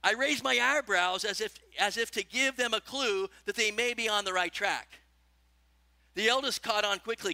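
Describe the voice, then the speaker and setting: A male pastor delivers a lively sermon and keeps putting questions to his listeners. His voice sits high and sounds very bright. The recording is close and dry, with no room sound. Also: moderate pace, no room sound. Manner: animated preaching, asks the congregation questions.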